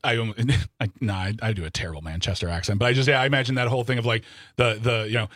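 A man's voice: lowish voice, racing, a bit bright, dry recording, clean studio sound. A man co-hosting a radio talk show, chatting casually and poking fun at himself. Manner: joking, self-deprecating. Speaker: radio co-host.

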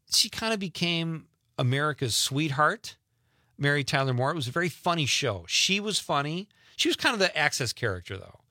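A man's voice: on the high side, sharp tone, no room sound, clean studio sound. Chatty man hosting a radio show. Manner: chatty, rambling, self-deprecating asides. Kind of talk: casual radio chat. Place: radio studio. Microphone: studio microphone.

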